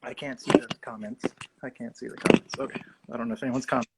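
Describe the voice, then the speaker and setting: A man's voice: medium pitch, sing-song, quick pace, gravelly, very noisy. A male actor telling a rambling, self-mocking story in a casual livestream chat. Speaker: actor guest.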